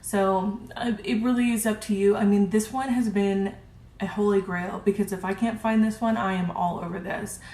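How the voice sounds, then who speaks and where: A woman's voice: medium pitch, fairly even intonation, moderate pace, dark tone. A woman casually reviewing her makeup brushes, gushing and chatty with lots of ums. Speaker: beauty vlogger. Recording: roomy with faint hiss.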